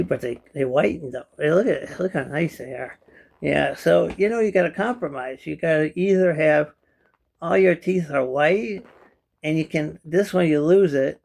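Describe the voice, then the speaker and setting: A man's voice: medium pitch, creaky. A man vlogging at home in a kitchen chair, talking straight to his viewers in a jokey, rambling way, filmed on a phone. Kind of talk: casual rambling vlog to camera.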